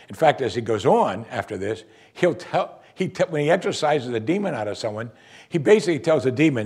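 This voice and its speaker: Husky man teaching scripture animatedly. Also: mid-range voice, brisk. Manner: animated, acts out quoted voices. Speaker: preacher. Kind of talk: verse-by-verse Bible teaching.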